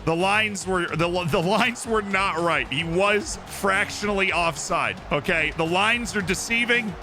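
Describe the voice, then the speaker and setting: A man live-streaming a football manager game, commenting on the match like a sports caster and bursting into shouts at goals. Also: high-pitched, measured pace. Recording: game music clearly playing behind. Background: game music.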